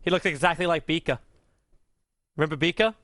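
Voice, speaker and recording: An Australian man casting a game, jokey and quick to laugh. His voice sits slightly high and is recorded dry and close. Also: fairly bright tone, dry recording. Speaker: esports caster. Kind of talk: game commentary and banter.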